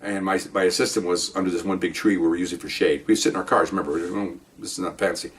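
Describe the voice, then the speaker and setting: Recorded far from the mic, a low-pitched older man talks quickly. He's a retired cop spinning a rambling, animated story in casual monologue, constantly adding "okay?" as he goes.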